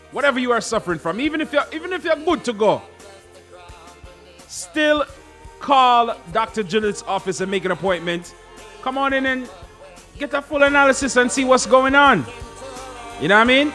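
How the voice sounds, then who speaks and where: A radio host with a Caribbean English accent, talking from the studio. His voice sits high and sounds bright and forceful. He is chatty and jovial, and spells out phone numbers slowly for listeners. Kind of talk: casual radio talk with ad reads.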